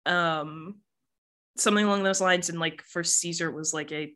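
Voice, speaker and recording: A woman's voice: lowish voice, normal speed, sharp tone. A woman game master narrating an actual-play game casually, with many fillers.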